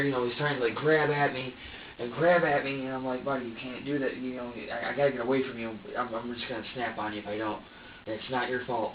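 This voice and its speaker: A man's voice: medium pitch, slight background noise. Stammering upset guy being interrogated, far off, tinny hollow security mic. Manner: halting, stammering, repeats himself. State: distressed and tense. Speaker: interrogation suspect. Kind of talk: recounting events under questioning. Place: police interrogation room. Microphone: distant security camera mic. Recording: tinny, echoey security footage from afar.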